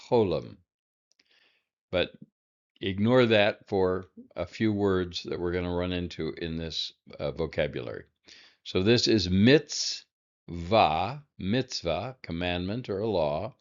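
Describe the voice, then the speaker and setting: Slow, deep-voiced man teaching a lesson. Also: highs cut off. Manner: halting, many fillers, dry asides. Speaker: Hebrew teacher. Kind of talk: recorded classroom lesson.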